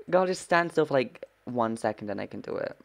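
A sassy gamer trash-talks opponents in live commentary, voice leaping all over the place while the words come out slow and drawn. Gasps and exclamations pile up between curses, spoken close into a desk mic. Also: medium pitch, creaky. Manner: sassy trash talk with frequent swearing. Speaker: gameplay streamer.

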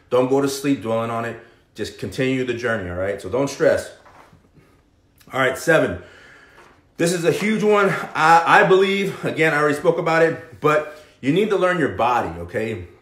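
A man's voice: on the high side, reverberant. A man hosting a fitness live stream, giving a motivational pep talk and checking in with "okay?" between points. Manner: pep-talk, keeps asking "okay?" and "right?"; animated, swings between loud and hushed.

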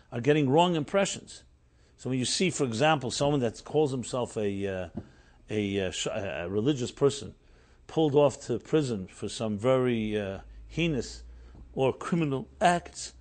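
Middle-aged male rabbi, mid-pitched, animated lecturer who tells stories and rises hard on key points. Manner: animated, storytelling with emphatic rises. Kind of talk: Torah class lecture.

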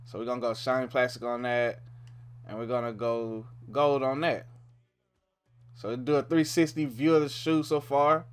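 A man's voice: medium pitch, steady tone, unhurried, clear, resonant tone. A young man giving a laid-back, casual walkthrough of a video game, thinking aloud with frequent "man" and "um". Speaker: gaming YouTuber. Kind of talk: casual game tutorial commentary.

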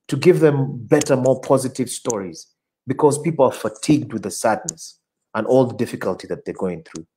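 A man with a mid-range voice, an advertising creative director, fields audience questions in a casual interview. He talks animatedly and often repeats words while hunting for the next one. The recording is rough, with slight background noise.

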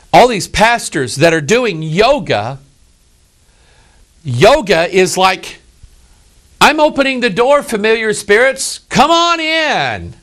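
A man's voice: a little high, fairly bright tone. A man preaching a sermon, reading scripture aloud and addressing listeners earnestly and emphatically.

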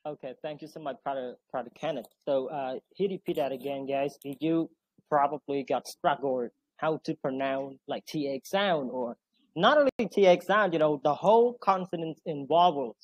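A man's voice: fairly high pitch, moderate pace, no room sound, rough recording. A man hosting an online English Q&A on a video call, chatty, with many fillers and frequent laughs. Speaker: host.

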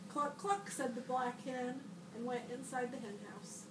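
Woman librarian reading a children's storybook aloud, high voice, expressive, a bit off-mic in an echoey room with noise behind. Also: a little slow, distant mic. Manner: expressive storybook reading, bright shouts for the boy's lines. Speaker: school librarian.

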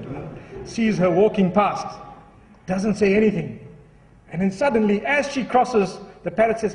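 High-voiced preacher in an echoey hall. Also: male voice, moderate pace, far from the mic, a little hiss or hum. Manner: storytelling, lively and earnest. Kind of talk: sermon.

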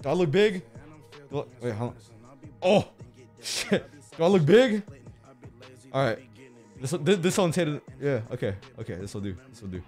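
Young guy streaming, kinda high voice, yells then mumbles, faint music behind. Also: big pitch swings, moderate pace, pauses often. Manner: erratic, swings between yelling rants and mumbling. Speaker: livestreamer. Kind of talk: casual livestream chat.

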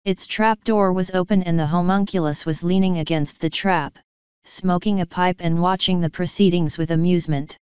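A woman narrating an audiobook in a steady, even storytelling manner. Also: lowish voice, moderate pace, smooth, dry recording, highs cut off. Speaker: audiobook reader. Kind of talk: scripted narration.

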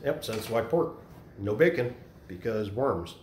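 A man leading a Bible study group, telling animated stories in a casual chat. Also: fairly low pitch, unhurried, slight background noise. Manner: chatty, animated storyteller. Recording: echoey room.

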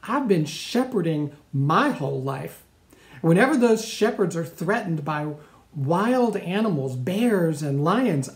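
A brash shepherd boy insists he can handle anything, eager and cocky, as a pastor puts him on. His voice rings in a reverberant sanctuary. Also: fairly high pitch.

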